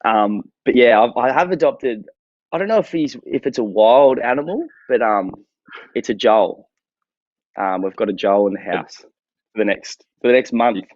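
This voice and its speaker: Laid-back young lifeguard. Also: male voice, medium pitch, moderate pace, a little mellow, no room sound, highs cut off. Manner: laid-back, joking, laughs often. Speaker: lifeguard guest. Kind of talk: casual interview chat.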